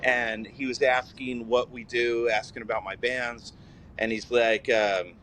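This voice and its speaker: A man telling loose, relaxed anecdotes as a guest in a casual chat. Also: on the low side, normal speed, a little hiss or hum.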